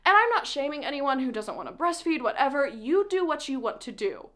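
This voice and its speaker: A woman's voice: high-pitched, big pitch swings, a little fast, hardly any pauses, fairly bright tone. A woman giving a chatty, dramatic recap of a novel, with joking asides to her viewers. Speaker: book recap vlogger. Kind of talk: animated casual book recap.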